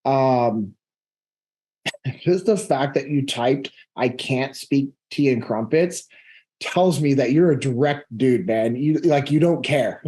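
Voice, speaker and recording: A man, a leadership instructor, answering audience questions in a casual, direct way, laughing easily and getting animated. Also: mid-range voice, slow. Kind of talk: casual Q&A talk.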